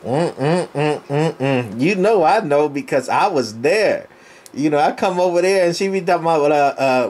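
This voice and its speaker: A man's voice: fairly high pitch, expressive, normal speed, darkish tone. A man on a CB radio chatting casually and agreeably with a friend. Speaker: CB radio operator. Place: on the air by CB radio.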